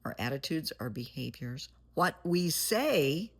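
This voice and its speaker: A woman's voice: low voice, big pitch swings, unhurried, husky. A woman therapist giving blunt, plain-spoken advice in a monologue, calling the listener "honey". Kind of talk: motivational monologue.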